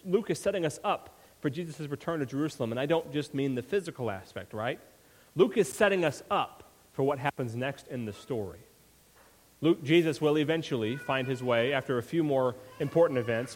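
A man's voice: medium pitch, fairly quick. Preaching man in an echoing sanctuary. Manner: builds emphasis with repeated rhetorical questions. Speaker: pastor. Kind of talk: sermon. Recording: long reverb from a hall.

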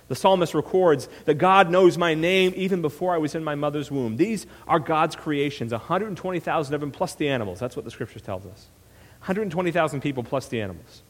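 Male pastor, sermon, animated storytelling, slightly high voice, long reverb of a church hall. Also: normal speed. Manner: animated storytelling with frequent "right?" asides.

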